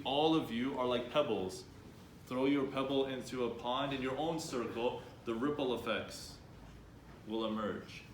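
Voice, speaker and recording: A man leading an interactive workshop for students, upbeat and coaxing the audience with questions. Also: medium pitch. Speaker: workshop speaker. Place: room with students. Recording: echoey room, faint background noise.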